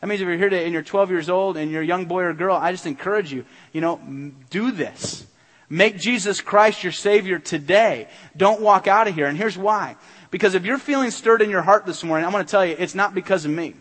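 A man of middle age preaches with a high, urgent voice, driving his points home through repetition. His sermon rings out in a church with a long, lingering reverb. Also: brisk, fairly bright tone. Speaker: pastor. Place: church sanctuary.

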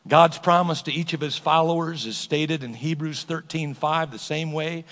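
A male pastor preaches with emphatic call-and-response energy. His voice is high, bright and gravelly. The sound carries a long reverb from a large sanctuary. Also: normal speed. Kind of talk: sermon.

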